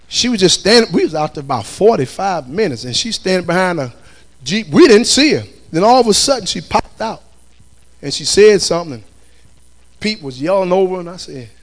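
A man preaching a sermon to a church, fervent and conversational, moving from shouted exhortation to quiet storytelling. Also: high voice.

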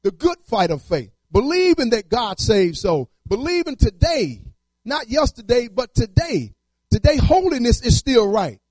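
A man's voice: very high voice, sing-song, unhurried, darkish tone, no echo. A man preaching a sermon in repetitive, rhythmic phrases and casual everyday speech.

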